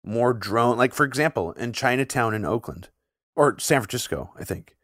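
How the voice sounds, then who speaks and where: A man co-hosting a podcast, talking in long casual runs full of "like" fillers and getting animated when something shocks him. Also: mid-range voice, normal speed, dry recording, clean studio sound. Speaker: podcast co-host. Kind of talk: casual conversational podcast chat.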